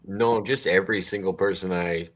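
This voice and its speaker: Low-voiced, laughing panel host. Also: male voice, steady tone, normal speed. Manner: laughs often, easygoing. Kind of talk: casual online panel chat.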